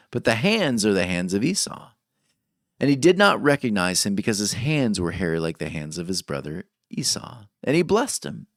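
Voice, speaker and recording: A man's voice: medium pitch, no echo, clean studio sound. A man preaching a sermon, reading scripture aloud expressively and stopping to comment on it. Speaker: pastor.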